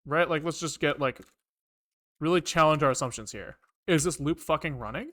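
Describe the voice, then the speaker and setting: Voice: medium pitch, normal speed, a bit bright. A programmer on a live coding stream, thinking aloud while typing and often swearing in frustration at the code.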